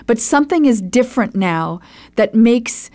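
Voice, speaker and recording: A woman hosting a podcast interview, enthusiastic and effusive, agreeing warmly with her guest and thanking sponsors. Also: fairly high pitch, lively intonation, a little slow. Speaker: podcast host.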